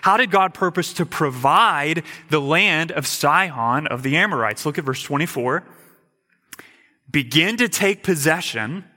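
Man, pastor, sermon, forceful bright voice, emphatic repetition, quiet asides, long hall reverb. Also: a little high, expressive, unhurried. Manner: emphatic, repeats words, drops to quiet asides.

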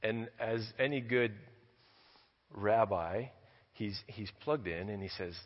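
Missionary man preaching, halting storyteller who repeats words, low and slightly hoarse, recorded lo-fi in a reverberant church. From United States. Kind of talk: sermon with scripture reading and storytelling.

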